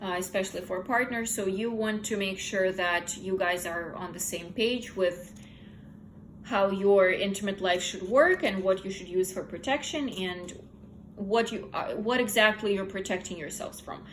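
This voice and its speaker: A woman's voice: medium pitch, moderate pace, slight background noise, low-quality recording. A young woman casually recapping a novel's plot in her own words, candid and opinionated. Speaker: book reviewer. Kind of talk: casual book review chat.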